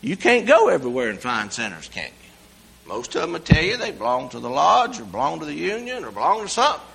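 A man preaching a sermon in a folksy, animated way, swinging from loud exclamations to hushed asides. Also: a little high, a little fast, vocal fry, low-quality recording.

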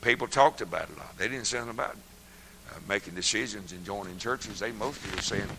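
An older man preaching a sermon, folksy and laughing often, swinging from hushed murmurs to loud shouts. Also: fairly low pitch, fast talker, background noise.

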